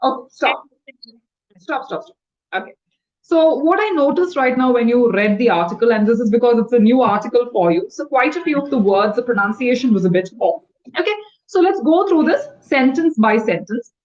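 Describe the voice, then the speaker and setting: A woman tutoring English over a video call, explaining words quickly and patiently. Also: a little high, animated, darkish tone, muffled recording. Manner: fast-talking, explanatory, patient. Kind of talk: one-on-one online English lesson.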